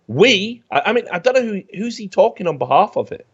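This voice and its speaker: A man's voice: sits high, fairly quick, few pauses, slightly rough, muffled recording. A man hosting a casual comedy show, reading online comments aloud and mocking them with sarcasm and frequent swearing. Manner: animated, sarcastic, swearing freely. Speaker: host.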